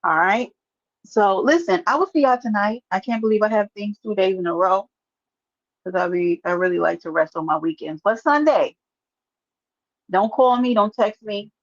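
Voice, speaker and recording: A woman chats casually on her livestream, teasing and answering viewers by name as they write in. Her voice sits at an ordinary pitch. The sound is dull and lo-fi, with a dry, close room. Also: normal speed, no echo. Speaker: livestream host. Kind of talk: casual live-stream chat.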